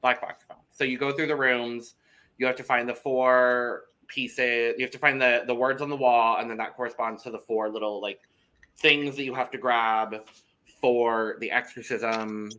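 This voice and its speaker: A man's voice: mid-range voice, steady tone, normal speed, bright, forceful tone. A young man co-hosting a podcast in casual chat, talking loosely, with some swearing and repeated words. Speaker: podcast co-host.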